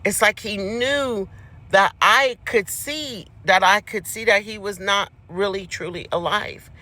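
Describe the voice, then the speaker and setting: Man, high-pitched, casual storyteller addressing listeners directly. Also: unhurried, pushed and bright. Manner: chatty, speaks straight to the audience as "y'all".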